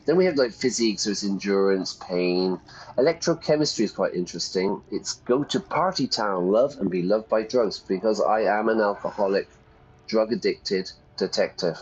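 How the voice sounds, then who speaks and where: A man, a teacher chatting casually while playing a game and explaining words as he goes. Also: low-pitched. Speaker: English teacher. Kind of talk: let's-play lesson, casual commentary. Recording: dull lo-fi sound.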